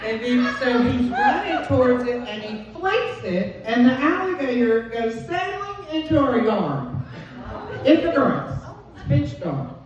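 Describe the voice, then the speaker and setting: A woman comedian, telling a stand-up story in an animated way and acting out the quoted voices. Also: a little high, unhurried, some chatter behind. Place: comedy club stage. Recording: dull, distant, echoey club recording.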